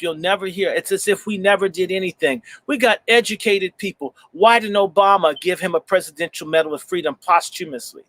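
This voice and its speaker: A man's voice: fairly high pitch, expressive, moderate pace, hardly any pauses, a bit bright, no room sound. A male host talking with heat and emphasis, repeating phrases for force, and reading passages aloud from a book.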